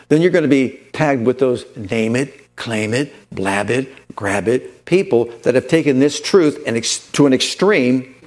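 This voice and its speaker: A man preaching a sermon, building with emphatic repetition and rising declarations. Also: on the high side. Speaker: pastor.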